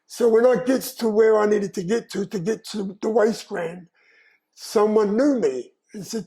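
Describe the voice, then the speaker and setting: An older man, slowly and earnestly telling his life story in an interview, with frequent "you know". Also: high-pitched, dark tone, low-quality recording. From London, England. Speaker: guest.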